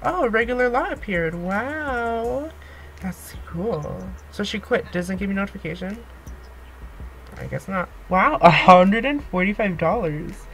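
A young woman giving excitable let's-play commentary, gasping and pleading with the game as she plays. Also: medium pitch, unhurried, rough recording. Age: young adult. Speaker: gaming YouTuber.

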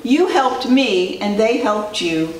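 A woman's voice: medium pitch, expressive, slow pace, a little hiss or hum. A woman voicing a big, boastful dump truck in a blustery storybook voice, read aloud to small children. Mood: grateful. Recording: echoey room, distant mic.

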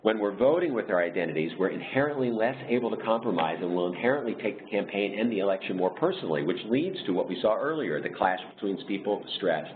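Man, very low voice, webinar presenter, measured explaining, phone-quality audio, faint hiss. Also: animated. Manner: measured, explanatory, with frequent um and restarts. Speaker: diversity consultant leading a webinar. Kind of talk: presentation talk over slides. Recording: tinny phone-like line with faint noise.

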